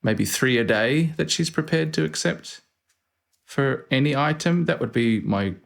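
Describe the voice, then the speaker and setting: A man's voice: mid-range voice, expressive, a little slow, gravelly. A man hosting a let's play, thinking aloud and reading out game commands with dry asides. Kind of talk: casual gameplay commentary.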